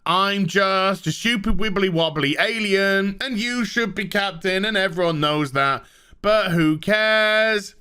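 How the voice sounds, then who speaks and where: A man's voice: high-pitched, takes it slowly, sharp tone, clean tone, full character voice. Fawning meek alien, whiny and sarcastic, as a man mocks him. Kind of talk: comedic parody voice.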